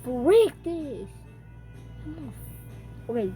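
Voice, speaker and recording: A woman with a high, very lively voice comments on a scary short film in a casual, excitable way. She talks fast and loose, with loud startled outbursts. Faint music plays behind her. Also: vocal fry. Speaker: video reactor.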